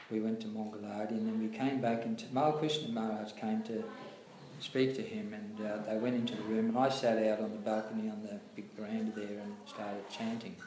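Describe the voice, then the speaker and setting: Chatty man telling stories. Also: fairly low pitch. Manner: animated storyteller, acts out quotes, many fillers. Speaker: devotee recalling past. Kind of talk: casual storytelling chat. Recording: echoey room, faint noise.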